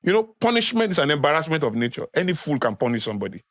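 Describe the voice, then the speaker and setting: A man's voice: a little high, very animated, very fast, fairly bright tone, dry recording, studio quality. Emphatic Nigerian man lecturing. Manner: emphatic, repeats key phrases for weight. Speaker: podcast guest. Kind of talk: conversational lecturing. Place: podcast studio.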